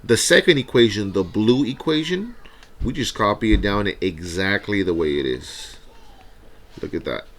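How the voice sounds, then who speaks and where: A man teaching a recorded math review lesson. He talks through each step out loud and often checks in with a quick "right?". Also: on the low side, lively intonation.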